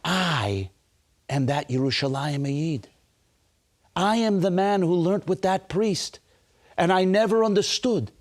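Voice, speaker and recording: A man's voice: sits high, lively intonation, takes it slowly, long pauses, voice pushed up. A man voicing a weeping old male scholar from Jerusalem, pleading and rising to a cry. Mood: anguished.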